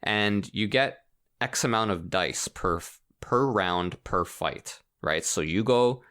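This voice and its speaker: A man co-hosting a casual podcast, explaining a game in an animated way and laughing often. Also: on the low side, slow pace, clean tone. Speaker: podcast co-host. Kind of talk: casual chat about video games.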